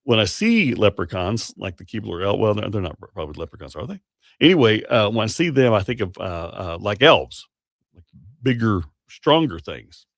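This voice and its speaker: Gravelly-voiced chatty male radio host. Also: fairly low pitch, very animated, moderate pace, no echo, clean studio sound. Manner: rambling, self-correcting, chatty. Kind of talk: casual morning radio talk. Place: radio studio. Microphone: studio microphone.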